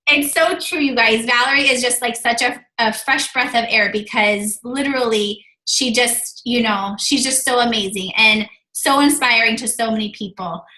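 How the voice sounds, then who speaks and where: A high-pitched woman with a bright, forceful voice hosts a team call and heaps on effusive praise. Her voice rings with a roomy echo. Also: moderate pace, hardly any pauses. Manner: effusive, many fillers like "like" and "um". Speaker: host of a team video call. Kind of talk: gushing, upbeat team-call chat.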